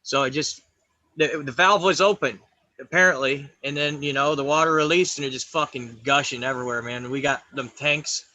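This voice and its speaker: A man chatting casually as a guest, telling an animated story and swearing. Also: medium pitch, normal speed, dry recording. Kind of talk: casual group chat. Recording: dull lo-fi sound.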